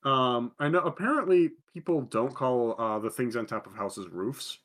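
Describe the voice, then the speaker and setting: A mid-pitched man trades quick jokes and asides in a relaxed podcast conversation. His voice sits in an ordinary middle range. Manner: joking, quick quips. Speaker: podcast co-host. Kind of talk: casual chat.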